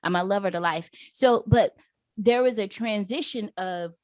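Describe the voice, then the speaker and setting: A woman in her thirties tells a story on a podcast in a lively, laughing way, talking straight to her listeners. Her voice sits at a middle pitch and sounds dry and close, with no room around it. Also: moderate pace, dry recording. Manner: animated, laughing, addresses listeners as y'all. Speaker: podcast guest. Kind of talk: casual storytelling chat.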